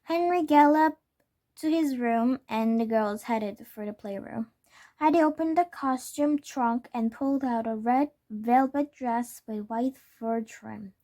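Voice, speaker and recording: Woman, children's book read-aloud, high voice, slow, careful. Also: dark tone. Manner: careful, with small self-corrections. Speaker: storybook reader.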